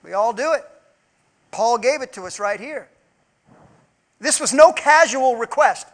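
A male pastor delivering a sermon, preaching emphatically and swinging between loud pleas and hushed asides while putting rhetorical questions to his congregation. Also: very high-pitched, lively intonation, unhurried, long pauses.

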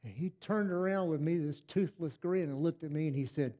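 Older guy preaching his story, high voice, goes soft then hollers. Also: brisk. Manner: storytelling, swinging from hushed to loud and fervent. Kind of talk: sermon testimony.

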